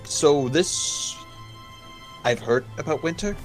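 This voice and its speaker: Animated man at a game table. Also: fairly high pitch, takes it slowly, soft background music. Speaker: player. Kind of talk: casual chat at game table.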